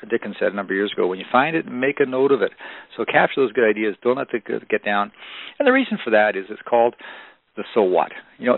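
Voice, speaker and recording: Gravelly man, phone-thin motivational talk. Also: lowish voice, dry recording. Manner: storytelling, emphatic, with frequent restarts. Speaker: motivational business trainer. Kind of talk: recorded seminar talk for audio CD. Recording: dry, phone-like narrow band.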